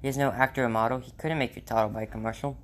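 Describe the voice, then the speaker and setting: A man's voice: medium pitch, steady tone, rapid-fire, slight background noise, close to an everyday voice. A man reading aloud, voicing a busy father who answers curtly and firmly. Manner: firm, curt. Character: busy, stern father in advertising.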